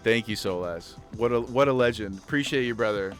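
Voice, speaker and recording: A man streaming casually, chatting loosely and getting excited, swearing freely and repeating himself. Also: mid-range voice, brisk, soft background music. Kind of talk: casual livestream chat.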